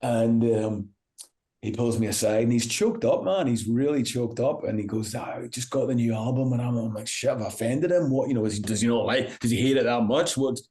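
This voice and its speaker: A male rock musician in an interview, telling anecdotes in a lively, casual way, acting out the people he quotes, with many restarts and a lot of "you know". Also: mid-range voice, brisk.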